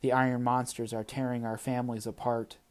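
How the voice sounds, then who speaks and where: A man's voice: mid-range voice, level tone, brisk, darkish tone, close to an everyday voice. A man reading an audiobook, voicing a determined, loyal young girl pilot who speaks earnestly. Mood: pleading. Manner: earnest, pleading.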